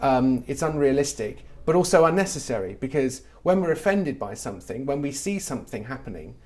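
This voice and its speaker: A middle-aged comedy writer from England, interviewed conversationally, speaks a little fast in a sing-song, mid-range voice with a darkish tone. He's animated and does mock voices when quoting others.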